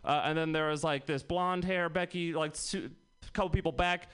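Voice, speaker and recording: Give me a man in his twenties doing a rambling stand-up set with a smooth, slightly high voice. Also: fairly even intonation, normal speed, a bit bright, faint music behind. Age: 20s. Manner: rambling, laughs at own jokes. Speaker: stand-up comic.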